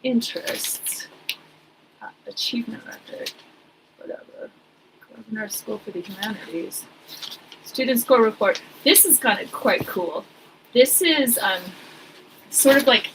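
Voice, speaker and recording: A woman's voice: a little high, expressive, a little slow, long pauses, a bit bright, a little hiss or hum, rough recording. A woman in her forties chatting casually while sorting old papers, rambling with wry asides. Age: 40s. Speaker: vlogger.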